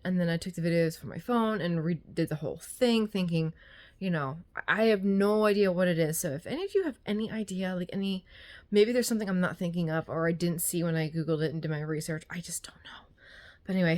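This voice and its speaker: A woman with a somewhat low voice chats casually about her thrift store finds, rambling with plenty of ums and likes. She sounds a little out of breath. It is recorded at home on a phone held in her hand. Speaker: vlogger showing a thrift haul. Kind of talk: casual chat to camera.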